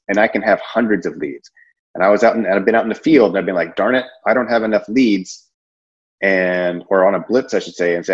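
Heard on a muffled recording, this man's voice sits low. He presents insurance sales training in a casual, rambling way, restarting sentences and leaning on fillers.

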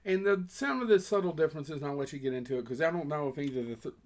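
A man's voice: fairly high pitch, racing. A man co-hosting a podcast in casual chat, blunt and opinionated. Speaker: podcast co-host.

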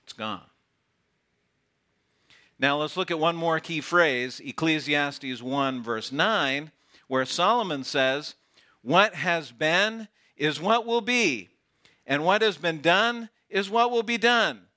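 Brief: male pastor, sermon delivery, bright tone, slow deliberate pace, playful asides. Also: fairly high pitch, lively intonation. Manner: playful, teasing, drops to a hush for effect. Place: outdoor gathering with camp chairs.

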